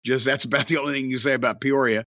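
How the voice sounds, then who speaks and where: A man's voice: mid-range voice, fairly even intonation, very fast, bright, forceful tone, dry recording, highs cut off. A man hosting a podcast, telling stories in a profane, laughing, casual chat. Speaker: podcast host.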